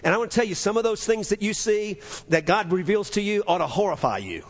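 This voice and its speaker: High-voiced preacher in a reverberant hall. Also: male voice, expressive, fast, hardly any pauses. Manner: earnest, repetitive preaching with many restarts. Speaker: pastor. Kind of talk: sermon.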